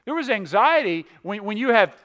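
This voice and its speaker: A man preaching a sermon as a pastor, moving between loud emphatic stretches and hushed ones, often repeating words as he goes. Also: high voice, sing-song, moderate pace.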